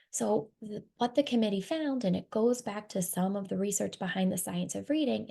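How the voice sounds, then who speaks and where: Gravelly-voiced woman presenting a webinar. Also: medium pitch, warm tone. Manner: explanatory, walks through slides. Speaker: reading instruction director.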